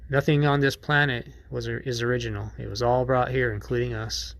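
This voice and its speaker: A man's voice: medium pitch, little pitch movement, fairly quick, fairly bright tone, dry recording. A man hosting a podcast in a casual monologue, rambling and profane, with many restarts. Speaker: podcast host.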